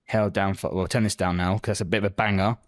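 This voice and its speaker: A man's voice: deep voice, steady tone, quick pace. A man live-streaming, chatting casually with viewers and answering their messages with lots of swearing and joking banter.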